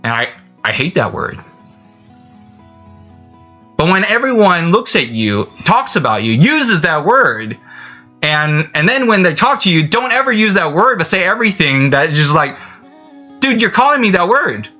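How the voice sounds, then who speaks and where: A man who did not grow up speaking English talks loosely to his viewers, wandering from thought to thought. He giggles and laughs often, and his pitch swings up and down animatedly. Soft music sits faintly in the background. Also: very animated, normal speed. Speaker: vlogger. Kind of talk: rambling self-talk to camera.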